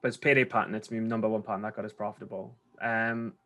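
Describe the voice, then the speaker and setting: This trader, being coached, speaks with a Geordie accent in a fairly low, level voice that's quick and a bit bright. He wanders through a loose account of how he trades, full of slang and frequent restarts.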